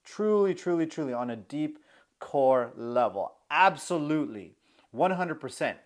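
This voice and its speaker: A man's voice: a little high, animated. A young man giving an earnest self-help talk as a social anxiety coach, checking in often with the listener. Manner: earnest, keeps checking in with the listener by asking "okay?"; shifts pace often, slowing to stress key points.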